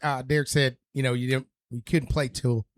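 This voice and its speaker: A man's voice: mid-range voice, little pitch movement, normal speed, dry recording, studio quality. A man in a casual podcast chat, hesitant and joking.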